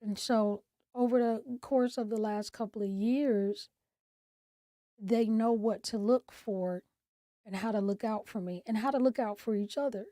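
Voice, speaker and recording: A woman's voice: fairly high pitch, a little slow, no echo. A middle-aged woman hosting a mental health talk, candidly telling a personal story in a reflective way. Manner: candid, reflective, with soft trailing asides. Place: home.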